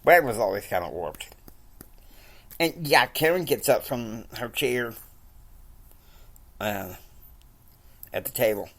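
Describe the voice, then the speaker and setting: Deep-voiced woman retelling a story, slow, lots of "and, and", lively ups and downs. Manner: hesitant, with repeated words and asides.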